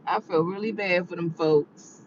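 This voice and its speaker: A woman's voice: on the low side, a little slow, muffled recording, slight background noise. A tired woman vlogging to her viewers in a rambling, chatty monologue. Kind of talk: casual monologue.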